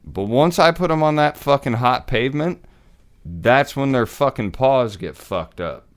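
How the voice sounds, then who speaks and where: A man's voice: medium pitch, animated, unhurried. A man co-hosting a podcast, crude and mock-exasperated, swearing often in casual chat. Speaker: podcast co-host.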